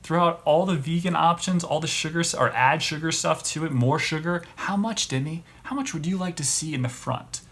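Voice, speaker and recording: A man hosting a podcast who rants in a casual comedic way, rambling and halting with many restarts. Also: fairly high pitch, a bit bright. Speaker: podcast host.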